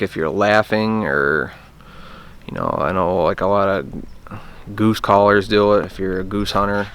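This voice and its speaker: A man's voice: lowish voice, a bit bright, a little hiss or hum. A man casually explaining a hunting call outdoors, plainspoken and self-deprecating. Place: outdoors in bright sun.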